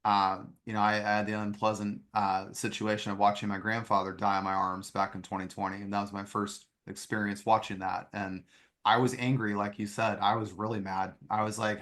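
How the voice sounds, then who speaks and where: A man's voice: lowish voice, flat delivery, brisk, fairly bright tone. A man hosting a podcast interview, talking in an earnest, reflective way with frequent "um" fillers. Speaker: podcast host.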